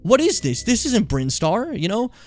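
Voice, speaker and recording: Animated swearing male game streamer. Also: high-pitched, moderate pace, faint music behind. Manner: animated, profane, rambling. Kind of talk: casual live-stream commentary.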